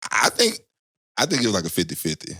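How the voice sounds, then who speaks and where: Man, low-pitched, bright forceful tone, casual podcast chat, laughing and slangy, dry close mic. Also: huge pitch swings, fast talker, breathy edge, dry recording. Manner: laughing, loose slang-heavy banter.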